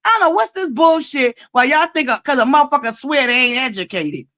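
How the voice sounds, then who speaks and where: A woman hosting a livestream, loud and belligerent, who swears nonstop while greeting viewers and pushing for likes. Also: sits high, big pitch swings, a little fast, few pauses. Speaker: livestream host. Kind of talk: profane live-chat commentary.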